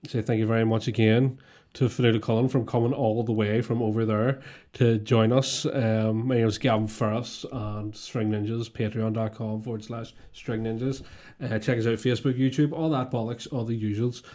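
A man's voice: fairly low pitch, flat delivery, normal speed, dark tone. A young man hosting a podcast in casual chat, telling rambling stories and swearing constantly. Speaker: podcast host.

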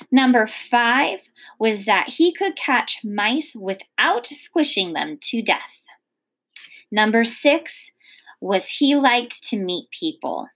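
A woman teacher reading a children's novel aloud in an expressive storybook manner. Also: a little high.

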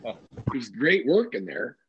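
A man hosting a casual chat, telling stories in an animated, profane, excitable way. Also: medium pitch, a little slow, crowd noise. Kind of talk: casual storytelling. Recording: dull, dry lo-fi audio.

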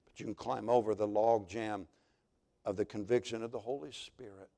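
A man's voice: on the low side, fairly even intonation, moderate pace, gravelly, mellow. A male pastor, preaching a sermon as dramatic storytelling.

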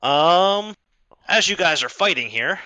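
A man acting as game master, narrating an online tabletop game in a lively way with quick restarts. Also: a little high, no echo, highs cut off.

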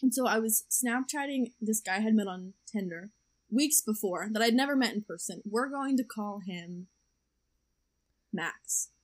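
A woman's voice: mid-range voice, a little slow. A young woman telling a dating story in a casual podcast chat, chatty and laughing often. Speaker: podcast co-host.

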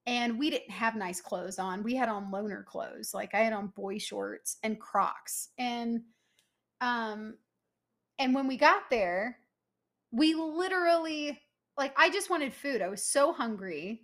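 Animated, emphatic woman telling a story. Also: a little high, takes it slowly. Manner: animated, emphatic, lots of "like" fillers. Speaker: podcast co-host. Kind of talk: casual storytelling chat.

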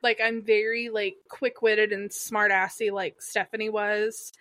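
A woman's voice: medium pitch, little pitch movement, measured pace, fairly bright tone, dry recording. A woman co-hosting a podcast in casual chat, sarcastic and chatty with lots of filler words. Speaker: podcast co-host. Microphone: podcast mic.

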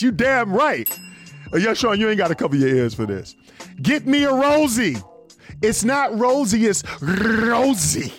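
Male internet radio host, higher voice, very lively delivery, slangy banter, light music bed. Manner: animated, reads listener messages aloud with slang. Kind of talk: casual radio show banter.

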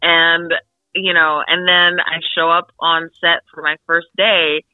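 A woman's voice: fairly low pitch, slow pace, no echo, faint music behind. Young woman telling a story over a tinny radio line. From Philadelphia suburbs. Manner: animated, filler-heavy storytelling. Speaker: actress guest. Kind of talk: storytelling interview chat.

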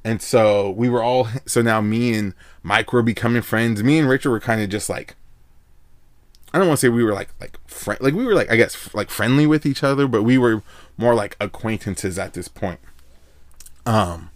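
A man's voice: medium pitch, normal speed, no room sound. A man telling a long personal story in casual chat, rambling and laid-back, full of filler words.

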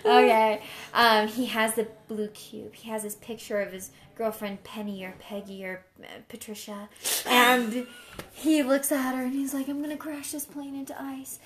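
A woman's voice: fairly high pitch, steady tone, a little slow, noisy background. A young woman co-hosting a casual chat, rambling and giggling as she guesses at a film's plot. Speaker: co-host.

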